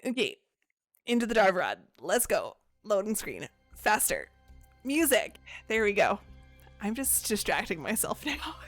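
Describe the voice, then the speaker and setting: A woman's voice: medium pitch, very animated, unhurried, no room sound, soft background music. A young woman streaming a video game, chatting casually, laughing at herself and talking to herself. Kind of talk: casual gameplay commentary.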